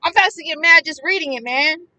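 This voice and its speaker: A woman giving impassioned Bible commentary, emphatic and repetitive, swinging between hushed words and loud ones. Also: sits high, a little fast, recorded from a distance, low-quality recording. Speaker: preacher.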